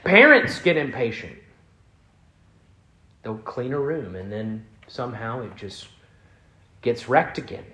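A man preaching a sermon as pastor, earnest, building emphasis and then dropping soft. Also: medium pitch, lively intonation, takes it slowly, long pauses, reverberant.

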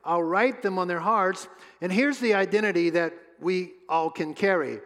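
A man preaching a sermon as pastor, emphatic, repeating his words and pausing often. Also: sits high, fairly bright tone. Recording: long hall reverb.

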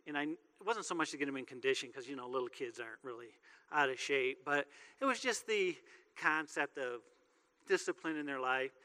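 A man's voice: medium pitch, lively intonation, a little fast, bright, forceful tone. A man preaching a sermon as pastor, talking in a joking, conversational way. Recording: long reverb of a large hall.

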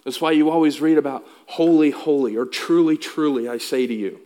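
A man's voice: a little high, brisk, a little mellow. A male pastor delivering a sermon in an emphatic way, asking the congregation questions. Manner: emphatic, asks the room questions.

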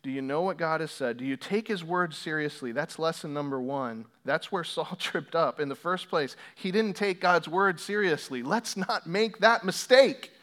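A man's voice: on the high side, fairly bright tone. A man preaching a sermon, repeating key lines and growing more intense as he makes his points. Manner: builds from measured to intense, repeats key phrases for emphasis. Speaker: pastor.

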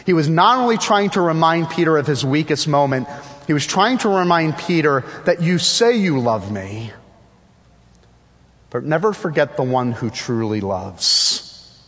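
A man's voice: a little high, lively intonation, measured pace, a bit bright, long reverb tail. A man preaching a sermon with emphatic repetition and rhetorical questions.

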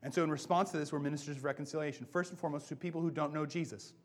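A man preaching a sermon as a pastor, earnest and conversational, often dropping to soft asides before closing in prayer. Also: fairly high pitch, steady tone, racing.

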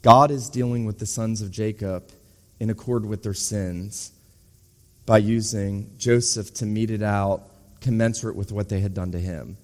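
A middle-aged or older man preaches an earnest expository sermon that builds toward emphatic urgency. His voice is on the low side and steady, at a moderate pace. The hall is reverberant.

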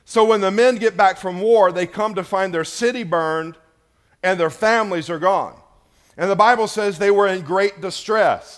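A pastor preaching a sermon in church, rising to loud emphatic peaks and dropping to hushed, low lines. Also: male voice.

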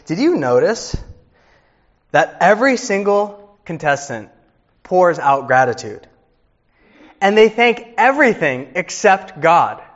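A man's voice: medium pitch, a bit bright, highs cut off. A man in his thirties, a pastor preaching a sermon with earnest storytelling.

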